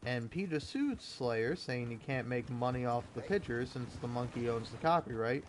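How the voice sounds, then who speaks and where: In a mid-range voice with lively intonation and a moderate pace, a young gaming video creator rants over an article he reads aloud, swearing, sarcastic, and exasperated. There's a little hiss or hum.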